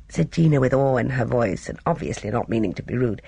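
An audiobook reader narrating a novel in an expressive, measured storytelling manner. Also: medium pitch, gravelly, breathy edge, dry recording.

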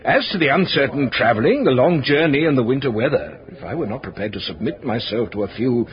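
A man's voice: mid-range voice, lively intonation, brisk, lightly acted. An actor doing a fatherly old clerk near eighty, wry and dutiful, with a voice that rises and falls freely. It comes through a muffled old radio broadcast. He sounds stubborn but kind. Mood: reassuring. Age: older. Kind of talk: radio drama acting.

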